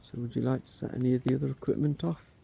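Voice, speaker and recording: Gravelly dark-voiced man coaxing spirits. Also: medium pitch, fairly even intonation. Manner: slow, coaxing questions to spirits. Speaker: paranormal investigator. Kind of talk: ghost hunt calling out to spirits.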